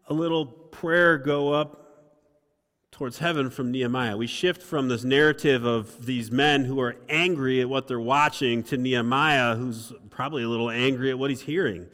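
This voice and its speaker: A pastor giving a sermon in a conversational way, repeating words and building to animated emphasis. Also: male voice, medium pitch, normal speed. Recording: long reverb of a large room.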